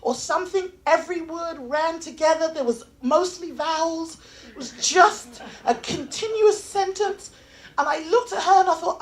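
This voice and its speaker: A woman from England with an English accent, doing open mic stand-up comedy with animated storytelling and acted-out voices. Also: extremely high pitch, normal speed. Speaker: stand-up comic. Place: small comedy venue.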